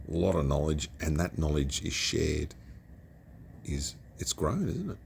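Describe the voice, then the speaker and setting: A man's voice: very deep voice, big pitch swings, unhurried, creaky, darkish tone, a little hiss or hum. An Australian man chatting casually through a beer review, rambling along and now and then dropping to a whisper.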